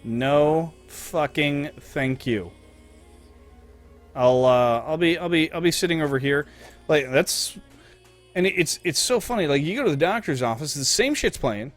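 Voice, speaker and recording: A young man streaming live, ranting and telling stories in a casual, profane, animated way. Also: fairly high pitch, fairly quick, faint music behind.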